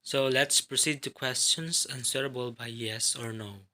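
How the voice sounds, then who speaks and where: A man presenting a lesson on English intonation patterns, explaining each step slowly and carefully. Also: mid-range voice, fairly even intonation, sharp tone. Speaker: student presenter.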